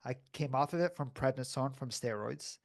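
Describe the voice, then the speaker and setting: A man's voice: medium pitch, normal speed, creaky. A man hosting a podcast, talking casually in a laid-back, affirming way. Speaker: podcast host.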